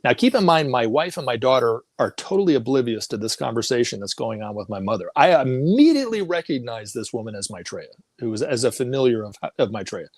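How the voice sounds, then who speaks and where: A man's voice: mid-range voice, sing-song, fast, few pauses, no room sound, studio quality. A middle-aged man, a guest on a talk show, telling a personal story in a casual, rambling way, often restarting and acting out what people said. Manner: rambling, with frequent restarts and quoted dialogue.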